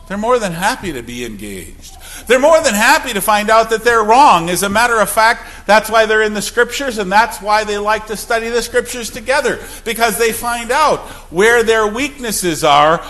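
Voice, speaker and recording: A man's voice: high voice, fairly bright tone. A man preaching a sermon as a pastor, emphatic and full of rhetorical questions.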